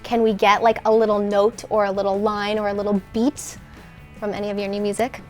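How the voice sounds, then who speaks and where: A woman's voice: mid-range voice, little pitch movement, brisk, darkish tone, faint music behind. A woman interviewing guests in a studio, enthusiastic and complimentary. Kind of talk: casual interview chat.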